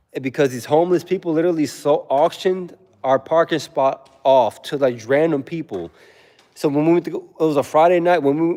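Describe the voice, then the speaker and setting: A man's voice: a little high, a little mellow, in a large hall. Casual young man telling a story. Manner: laid-back storytelling, acts out quotes, laughs often. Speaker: livestreamer. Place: home.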